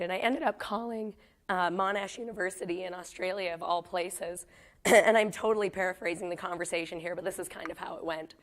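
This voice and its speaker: A young woman from Canada giving a casual public lecture while losing her voice. She speaks low and hoarse, and her delivery is chatty and self-deprecating. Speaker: guest lecturer.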